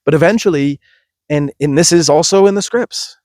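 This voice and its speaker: A man's voice: on the high side, normal speed, a little mellow, dry recording, studio quality. A man, a yoga teacher, giving an emphatic, passionate podcast monologue with frequent restarts.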